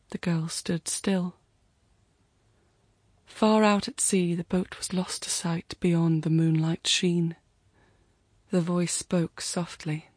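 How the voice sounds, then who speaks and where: A woman reading a story aloud in a slow, measured storytelling manner. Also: fairly low pitch, level tone, darkish tone, no room sound, clean studio sound. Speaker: reader. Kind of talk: scripted story narration.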